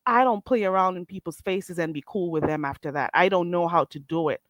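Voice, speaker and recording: A woman's voice: lowish voice, a little fast, no echo. A woman hosting a casual livestream, talking bluntly and swearing freely, reading and answering her chat. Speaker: livestream host.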